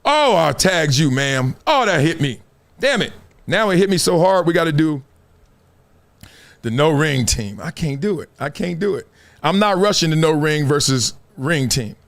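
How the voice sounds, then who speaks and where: A middle-aged man hosting a live stream, with a slightly high-set voice. He tells his story in animated, slangy casual talk and speaks right to his viewers. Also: a little slow. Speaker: show host.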